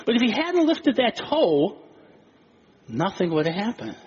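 A male pastor preaching a sermon, animated and acting out little scenes of dialogue. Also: high-pitched, measured pace. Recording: dull lo-fi recording with faint noise.

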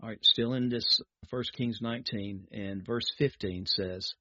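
A man's voice: on the low side, steady tone, unhurried, few pauses, pushed and bright, dry recording, lo-fi sound. A man preaching a sermon, reading scripture aloud and then speaking straight to his listeners.

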